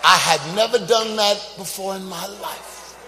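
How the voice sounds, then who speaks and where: A man preaching a dramatic testimony, shifting from quiet telling to loud shouting. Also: sits high, measured pace, very noisy. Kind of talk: sermon storytelling. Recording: reverberant hall with loud ambience.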